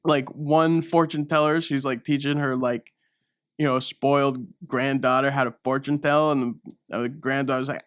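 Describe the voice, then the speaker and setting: A man's voice: mid-range voice, flat delivery, moderate pace, a bit bright, clear, resonant tone, no room sound, studio quality. A young man hosting a comedy show, rambling through an improvised bit, acting out characters and laughing at his own jokes. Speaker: comedy podcast host.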